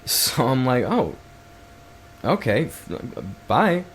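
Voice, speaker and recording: A man talks through a story on his own podcast, cursing constantly and tripping over his words as he goes. His voice sits at an ordinary middle pitch. A faint hiss of noise runs under the recording. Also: sing-song, takes it slowly. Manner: rambling, heavy swearing, frequent restarts. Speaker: podcast host. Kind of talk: casual solo podcast storytelling.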